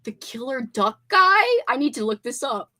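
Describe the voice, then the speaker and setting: A young woman hosts a casual stream in a high, lively voice. Her tone is bright and her chat is bubbly, with quick laughter. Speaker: livestream host.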